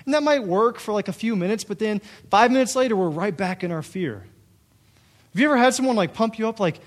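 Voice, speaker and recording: High-voiced, animated male preacher. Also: quick pace. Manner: animated, conversational preaching with rhetorical questions. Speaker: pastor. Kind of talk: sermon.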